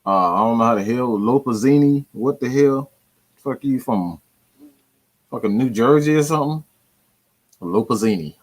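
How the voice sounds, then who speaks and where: A man's voice: mid-range voice, animated, moderate pace, long pauses. A man hosting a fan channel, ranting about his team with slang, swearing and lots of repetition. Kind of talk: profane sports fan rant.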